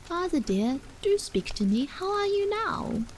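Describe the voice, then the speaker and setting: A woman voicing an eager, chatty young daughter in whispered role-play, higher and brighter than her narration. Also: sing-song, a little slow, a little hiss or hum, exaggerated voice, rough recording.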